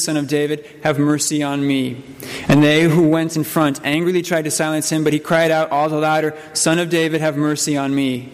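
Priest guy reading scripture then preaching, slightly high voice, big church echo, faint hum behind. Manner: measured, solemn reading with small slips and restarts. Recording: long church reverb, faint room noise.

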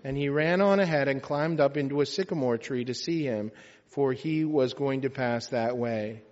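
A man, a priest, reading scripture and preaching in a measured, solemn manner. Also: medium pitch, darkish tone. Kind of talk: liturgical reading and homily. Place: church. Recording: echoey church, slightly dull sound.

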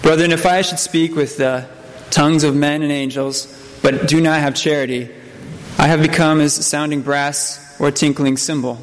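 A man as a priest reading the epistle and gospel, then preaching, in a measured, solemn manner with small slips. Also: a little high, steady tone. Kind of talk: scripture reading and sermon. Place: church. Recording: long church reverb, faint room noise.

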